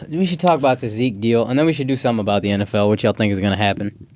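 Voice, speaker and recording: A man's voice: mid-range voice, fast, darkish tone, slight background noise. A man co-hosting a comedy podcast, talking in slangy casual banter. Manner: slangy, says son and dog. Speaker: podcast co-host.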